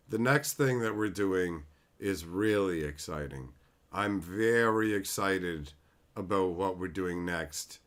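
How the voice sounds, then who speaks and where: A man putting on a wooden, monotone voice as an adult male corporate PR spokesman who fakes enthusiasm. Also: low voice, voice pushed down. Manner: flat, lifeless, forced enthusiasm.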